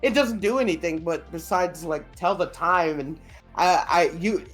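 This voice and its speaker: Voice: mid-range voice, measured pace, soft background music. A podcast co-host in casual chat, laid-back, chiming in with jokes and the odd swear.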